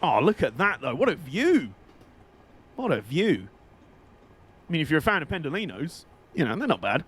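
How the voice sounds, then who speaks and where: A man's voice: fairly high pitch, sing-song, normal speed, a bit bright, husky. A man streaming a game, chatting in a rambling way and laughing often. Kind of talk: casual live-stream commentary.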